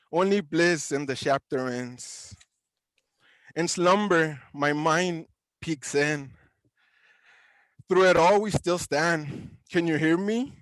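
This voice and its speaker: A man slowly reading his own poetry at an online open mic from home. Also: a little high, no room sound. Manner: slow, deliberate reading with pauses. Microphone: video call.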